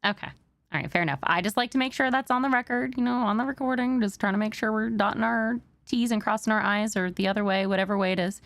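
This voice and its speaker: A woman's voice: mid-range voice, fast, vocal fry, fairly bright tone, no room sound. A woman roleplaying a police sergeant who runs an interview in a casual, joking manner. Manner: casual, joking, laughs easily.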